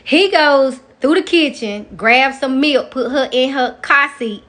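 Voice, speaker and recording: A young adult woman vlogger telling a personal story in a casual, animated way, often speaking straight to her viewers. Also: high-pitched, measured pace. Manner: emotional, animated retelling, addresses viewers directly.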